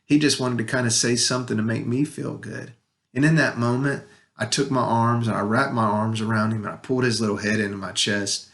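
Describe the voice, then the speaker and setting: A man sharing a heartfelt personal story about his son and his faith, talking earnestly with pauses and restarts, at times emotional. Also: medium pitch, steady tone, creaky, fairly bright tone. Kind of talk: personal spiritual reflection to camera.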